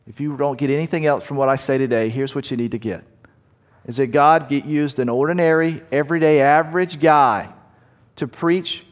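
A man preaches a sermon in a church sanctuary, his voice sitting a little high for a man. He slows down to lean on key words and lets his lines sink to a hush. Long reverb trails after each phrase. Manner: slows down to stress key words, drops to quiet at line ends. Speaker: pastor.

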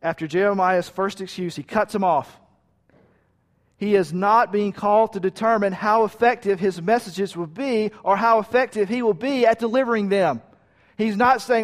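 A man preaching a sermon with emphatic repeated lists, sometimes dropping to a quiet hush. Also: high-pitched, moderate pace. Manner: drops to a quiet hush at key points. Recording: long reverb of a large hall.

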